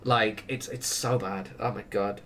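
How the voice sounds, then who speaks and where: A man's voice: fairly low pitch, steady tone, measured pace, fairly bright tone, slight background noise. A man chatting casually while streaming a game, rambling through opinionated tangents and laughing often. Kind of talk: casual chat while gaming.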